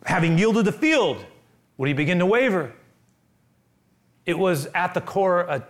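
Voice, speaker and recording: High-voiced preacher swinging hushed to emphatic. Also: male voice, lively intonation, moderate pace. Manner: swings between hushed low passages and raised emphatic bursts; addresses listeners directly, repeating phrases. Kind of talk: sermon.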